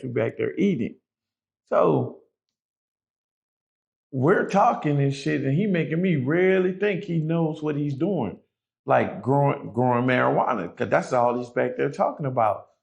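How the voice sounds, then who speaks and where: Gravelly man telling a profane story. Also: medium pitch, muffled recording. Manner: profane, animated, acts out quoted voices. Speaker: guest telling a prison story. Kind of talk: casual storytelling.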